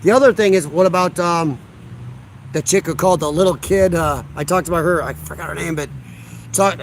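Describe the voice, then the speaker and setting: Male livestream host from Illinois, outdoors, blunt and sarcastic, a touch high-pitched. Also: slight background noise. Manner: blunt, combative, sarcastic, chuckles while reading comments. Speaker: livestream host reading chat. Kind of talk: casual livestream chat. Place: outdoors on a deck.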